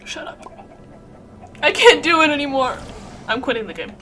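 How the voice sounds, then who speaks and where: A woman streamer chatting live over a game, dramatic and swinging from low mumbles to shrieking outbursts. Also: expressive, moderate pace, sharp tone, a little hiss or hum. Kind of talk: live gaming stream chat.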